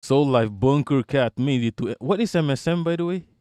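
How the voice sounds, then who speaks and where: A man's voice: medium pitch, normal speed, mellow, clean tone, no echo. A man streaming live, giving sarcastic, profane commentary and answering his chat. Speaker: streamer reacting to a clip and chat.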